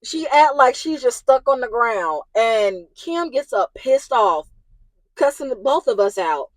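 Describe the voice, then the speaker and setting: Young woman, heated storytime vent, fairly high voice, dry close sound. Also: sing-song, a little slow, no room sound, low-quality recording. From Indiana. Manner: agitated, rising to yelling in retold arguments. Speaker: vlogger. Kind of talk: emotional storytime.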